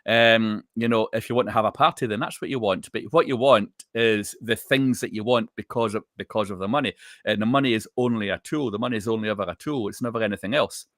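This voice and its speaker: A man's voice: lowish voice, fast, a bit bright, no room sound, clean studio sound. A man co-hosting a live online chat, explaining his ideas steadily and repeating phrases for emphasis. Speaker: co-host, intuitive reader. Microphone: live online video call.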